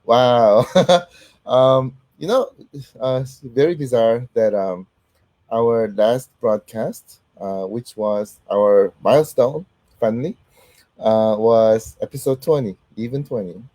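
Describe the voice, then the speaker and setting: A middle-aged man hosts a casual livestream while fighting off an illness, his voice not fully recovered. His tone is mellow and close, with a dry, roomless sound. He talks haltingly, filling gaps with um and uh. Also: mid-range voice, dry recording. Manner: halting, heavy with um and uh, warm greetings to viewers. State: sick, voice not fully back. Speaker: host.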